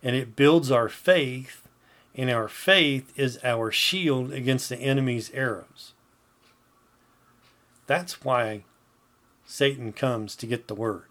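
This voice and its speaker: A man delivers a podcast sermon in an earnest, emphatic voice of middle pitch. He repeats key phrases and checks in with his listeners as he teaches. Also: slow pace, pauses often, a bit bright. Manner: earnest, repetitive, emphatic preaching with rhetorical "Okay?". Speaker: podcast host, Christian teacher. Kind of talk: preaching podcast talk.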